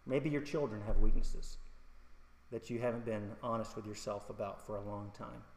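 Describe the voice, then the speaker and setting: A man's voice: on the low side, steady tone, moderate pace. A middle-aged male pastor giving a conversational sermon with humor, personal stories and questions to the congregation. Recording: echoey hall.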